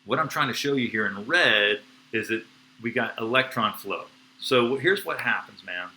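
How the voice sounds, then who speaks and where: A man teaching biology on a live stream, excitable and slangy, with playful sound effects. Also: mid-range voice, normal speed, slight background noise, low-quality recording. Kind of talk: enthusiastic live-streamed lecture.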